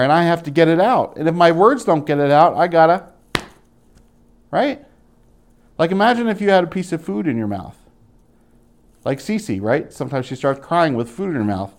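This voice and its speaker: A young man preaches a sermon in an animated way, acting out the voices of the people he quotes. His voice is mid-range.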